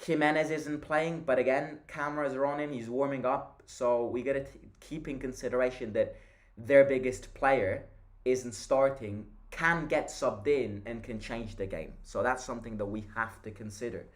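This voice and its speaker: A man's voice: mid-range voice, steady tone, moderate pace. Tired guy doing a live watchalong for a fan channel, chatty, reacts to every pass. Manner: casual and chatty, reacting to play, hums chants. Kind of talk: live match watchalong commentary.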